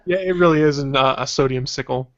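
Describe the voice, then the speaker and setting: A man's voice: medium pitch, fast, fairly bright tone. A man hosting a casual podcast, rambling and self-conscious as he chats. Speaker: podcast host. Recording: dull lo-fi podcast audio.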